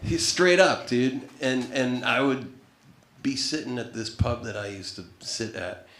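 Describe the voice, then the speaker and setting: A man's voice: medium pitch, a little slow, fairly bright tone, a little hiss or hum. A man doing wry, profane stand-up comedy storytelling on a club stage into a handheld mic. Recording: echoey live club room.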